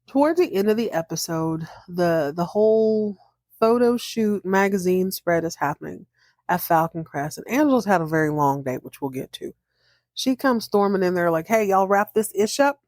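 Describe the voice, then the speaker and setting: Female podcast host, casual recap, slightly low voice, mimics characters for fun. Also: expressive, moderate pace, a little mellow, dry recording, studio quality. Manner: chatty, acts out characters' lines with playful voices.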